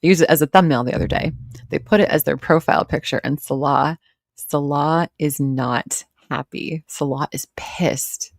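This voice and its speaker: A woman's voice: low voice, normal speed, gravelly, dry recording, clean studio sound. A woman hosting a live reaction stream, mocking and swearing as she comments. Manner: sarcastic, profane, mocking.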